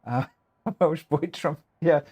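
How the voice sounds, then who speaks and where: A man hosting a live racing game stream, talking excitedly and rambling, often tripping over his own words. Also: fairly high pitch, slow pace.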